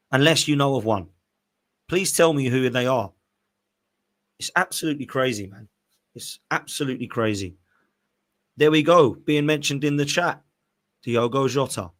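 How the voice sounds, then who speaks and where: A man's voice: medium pitch, a bit bright. A man hosting a casual live-stream podcast, opinionated and emphatic, ranting with rhetorical questions. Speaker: podcast host.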